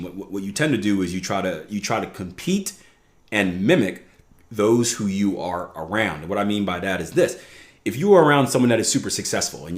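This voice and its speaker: A man hosting his own trading podcast, talking casually and often tossing in "right?" as he explains. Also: lowish voice. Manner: conversational, frequent "right?" asides. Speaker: podcast host, trading coach. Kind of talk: casual solo podcast talk. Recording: echoey room.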